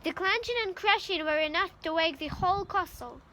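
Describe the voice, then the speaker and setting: A woman's voice: very high-pitched, a little fast, bright, forceful tone, slight background noise. A woman from Ukraine reads a novel aloud in English, reading carefully and sometimes stumbling and restarting. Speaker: reader.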